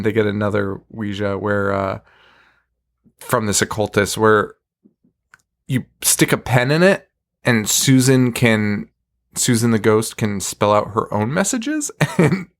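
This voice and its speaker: A man hosting a podcast, chatting casually, swearing freely and laughing often as he recaps. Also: mid-range voice. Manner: laughs often, profane, wry. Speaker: podcast host. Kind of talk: casual chat.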